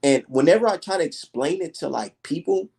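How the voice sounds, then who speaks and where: A young man ranting loosely on his livestream, his pitch swinging widely as he tells stories. He sits a little high for a male voice and talks emphatically, with plenty of swearing. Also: fairly quick, creaky, breathy edge. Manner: emphatic, profane, animated storytelling. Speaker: livestream host. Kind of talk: casual livestream rant.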